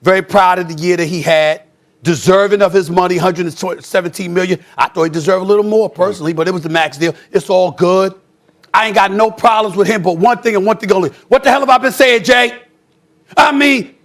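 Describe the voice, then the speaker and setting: Brief: man, strained high shouting voice, emphatic pundit on a studio desk. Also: normal speed. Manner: loud, emphatic ranting, often shouting. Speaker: sports commentator. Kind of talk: heated sports debate.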